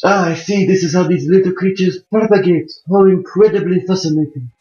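A young man voicing a pompous, fascinated gentleman with an odd put-on accent, speaking with haughty, drawn-out wonder. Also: high voice, pitched above the performer's own voice, natural voice. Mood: mock-fascinated. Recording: muffled, roomy amateur mic recording.

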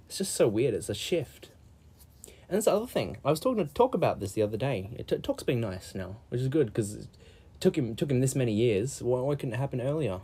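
A man's voice: mid-range voice, big pitch swings, a little fast, mellow, breathy edge. A young man streaming live, rambling in a profane, loose monologue and acting out the people he quotes in raised voices.

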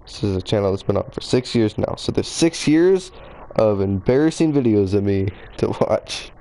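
A man's voice: lowish voice, animated, moderate pace, dark tone, poor audio. A man streaming a game live, chatting in a rambling, self-deprecating way to a few viewers.

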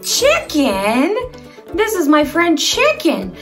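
Young woman, toddler presenter: very slow, high and bouncy, playful and sing-song. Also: huge pitch swings, fairly bright tone, faint music behind. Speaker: children's video presenter. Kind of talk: teaching toddlers.

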